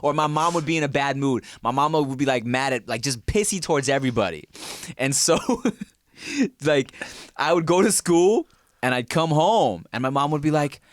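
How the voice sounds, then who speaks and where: A man in his thirties co-hosting a casual podcast, telling stories with loud laughing outbursts. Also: on the high side, expressive, moderate pace, dry recording. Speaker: podcast co-host. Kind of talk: casual chat.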